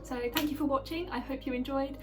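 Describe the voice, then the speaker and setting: A woman's voice: sits high, fairly even intonation, fast talker, far from the mic, loud music behind the voice. A young woman chatting in a casual, personal vlog narration. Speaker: travel vlogger.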